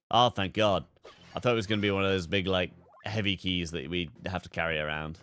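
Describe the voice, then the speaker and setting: A man's voice: low voice, fairly quick, a bit bright, clean tone, no echo. A young man streaming a game, chatting casually, swearing freely and breaking into laughter. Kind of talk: live gameplay commentary.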